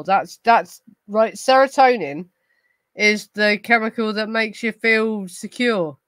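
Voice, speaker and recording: On a dry, rough recording, a mid-range female voice belongs to the host of a true crime livestream. Tipsy from gin, she responds to viewers in a casual chat, ranting, rambling and swearing heavily.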